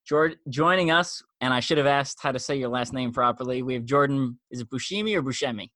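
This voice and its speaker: A man hosts a podcast in a relaxed, chatty manner, dropping fillers as he goes. His voice is bright and forward. The sound is dry and close, with no room around it. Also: mid-range voice, fairly quick, no echo. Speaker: podcast host. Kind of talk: conversational podcast hosting.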